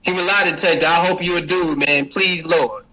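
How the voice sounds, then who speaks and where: A man's voice: fairly high pitch, fairly even intonation, normal speed, a crowd in the background, low-quality recording. A man hosting a livestream, chatting casually with viewers, teasing them and laughing often. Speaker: livestream host. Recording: music playing behind.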